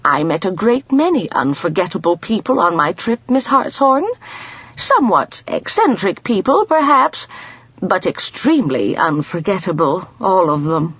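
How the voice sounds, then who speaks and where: Casting: a woman playing a cheerful older grandmother, gentle but firm, lively husky voice, slightly muffled audiobook recording. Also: on the low side, normal speed, no room sound, voice pushed up, full character voice. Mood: delighted. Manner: gentle, firm, warmly amused.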